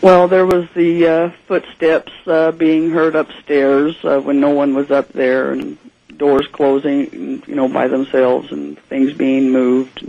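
A man's voice: fairly high pitch, completely flat delivery, slow, gravelly, a little mellow. A man guesting on a radio interview as a ghost investigator, speaking hesitantly with many fillers, heard over dull broadcast audio.

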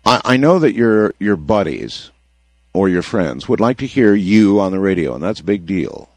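Man, radio call-in host, lower voice, dry studio, measured and wordy. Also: very animated, darkish tone, no room sound.

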